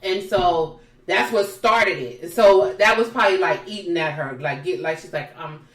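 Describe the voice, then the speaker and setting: A woman's voice: on the low side, moderate pace. A woman co-hosting a podcast, casually retelling reality TV drama and acting out the people she quotes. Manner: animated storyteller, acts out the people she quotes. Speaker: podcast co-host. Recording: roomy sound, distant from the mic.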